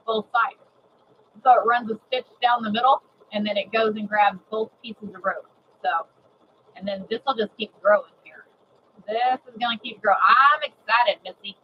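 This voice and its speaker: A woman giving a live sewing demonstration, chatty and excitable, repeating herself and greeting viewers. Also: a little high, highs cut off, a little hiss or hum. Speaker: sewing instructor.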